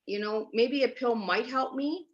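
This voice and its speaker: A woman's voice: on the high side, unhurried. A woman from Canada, a podcast guest, telling her personal story in an earnest, emphatic way and repeating herself for stress over a remote call. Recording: dull lo-fi remote audio.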